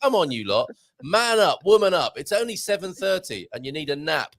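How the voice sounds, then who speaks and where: A British man hosts a relaxed morning stream, his voice rising and falling a lot as he jokes along. He reads out viewer comments in a chatty, playful way. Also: fairly high pitch, a little fast, creaky. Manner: jokey, animated, reads viewer comments aloud. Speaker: show host. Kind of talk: casual live-stream chat.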